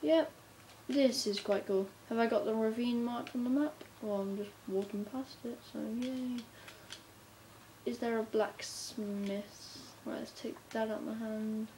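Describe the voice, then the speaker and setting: A woman chatting casually as she narrates her gameplay, talking to herself and breaking into bursts of excitement. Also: on the high side, measured pace. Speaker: gamer narrating her play. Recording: faint background noise.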